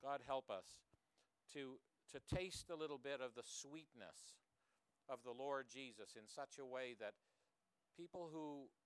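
Male preacher, mid pitch, earnest sermon delivery with rhetorical questions, clear voice. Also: unhurried, no echo.

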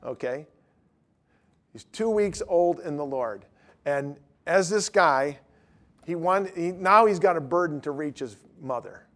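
A middle-aged man telling stories in casual talk, swinging from loud emphatic lines to low mumbled asides. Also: lively intonation, measured pace.

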